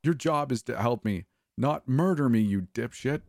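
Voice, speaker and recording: A man's voice: fairly high pitch, slow pace, creaky, mellow, no echo, voice pushed up, exaggerated voice. A man reading a horror story, voicing a cornered young woman who shrieks, begs and curses in a raised voice. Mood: furious. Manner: shrieking, begging and cursing.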